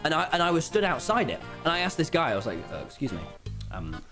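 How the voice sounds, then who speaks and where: A teenage boy with an English accent narrates a funny story with restless energy, swearing freely and stumbling into restarts. His voice sits a little high and leaps wildly up and down. Music plays clearly underneath him. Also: sing-song, rapid-fire. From England. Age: teens. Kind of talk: animated story-time narration. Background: background music.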